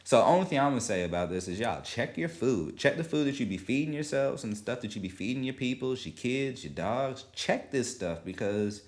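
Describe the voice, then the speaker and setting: A man hosting a solo podcast, talking in casual, animated commentary, swearing freely and acting out quotes. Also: medium pitch, brisk, hardly any pauses. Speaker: podcast host.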